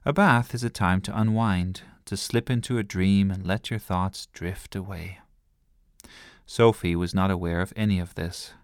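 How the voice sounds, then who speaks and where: A man reading a bedtime story aloud in a gentle, lively storytelling manner. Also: low-pitched, moderate pace, dry recording, studio quality.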